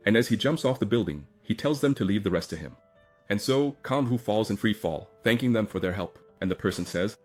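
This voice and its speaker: A man's voice: on the low side, expressive, fast, darkish tone, soft background music. A man narrating a comic story recap in a chatty, casual retelling style, linking events with frequent asides.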